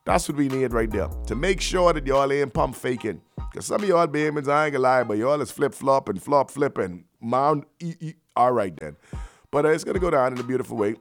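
A man hosting morning radio, rattling off banter with lots of slang and energy. He sits at a middle pitch, neither deep nor high. Soft music plays low behind him. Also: fairly quick. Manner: energetic, rambling hype talk with slang. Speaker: morning radio show host.

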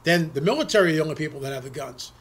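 A man's voice: a little high, expressive, racing, husky. A middle-aged man delivering a heated opinion monologue, ranting with repeated restarts and emphatic rhetorical questions. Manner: impassioned, repetitive, ranting with frequent restarts. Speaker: political commentary host.

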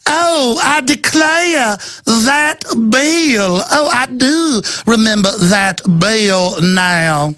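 A man voicing a mocking, drawling Southern male official with a put-on Georgia accent, slow and exaggerated. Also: extremely high pitch, expressive, sharp tone, dry recording, clean studio sound, voice pushed up, exaggerated voice.

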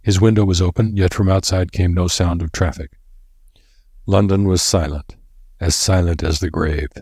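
A man narrating an audiobook in a measured, even storytelling manner. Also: deep voice, breathy edge, dry recording, clean studio sound.

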